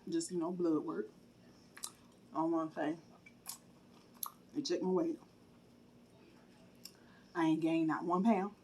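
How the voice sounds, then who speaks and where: A woman hosting a mukbang video, chatting casually and straight to her viewers between bites, pausing to chew and hum approvingly. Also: low voice, steady tone, a little mellow. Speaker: mukbang host. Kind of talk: casual chat while eating on camera.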